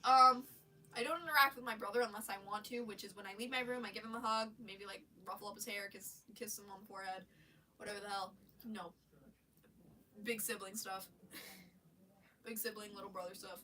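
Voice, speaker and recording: A woman's voice: medium pitch, fairly even intonation, fairly quick, pauses often, pushed and bright, distant mic. A woman with a stuffy nose on a casual live stream, rambling about her day and swearing, with lots of restarts, sitting in her bedroom.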